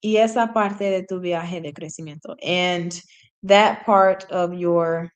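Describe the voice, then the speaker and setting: A woman's voice: fairly low pitch, steady tone, a little slow, highs cut off. Chatty woman learner, reading aloud. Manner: chatty, self-correcting, laughs at herself, drops into sung snippets. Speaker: language learner streaming a reading session. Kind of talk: casual live-stream reading and translating.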